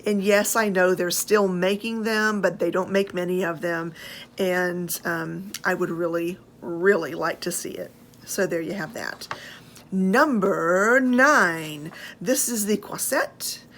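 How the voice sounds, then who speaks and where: A woman's voice: fairly low pitch, steady tone, unhurried, slight background noise. Chatty American woman gushing over handbags. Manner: chatty and gushing, with frequent fillers. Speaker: handbag vlogger. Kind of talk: casual show-and-tell chat.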